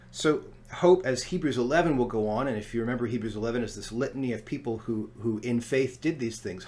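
Conversational man preaching a sermon. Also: medium pitch. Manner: conversational, with frequent fillers and asides. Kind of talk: sermon teaching on scripture. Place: lives in Scotland.

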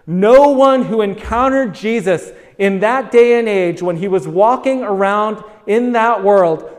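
A man preaching with a high voice and an unhurried, deliberate delivery. He drives each point home with repetition and pointed rhetorical questions. His voice rings out with a long reverb, as in a large hall. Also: a little mellow. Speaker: pastor. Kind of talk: sermon.

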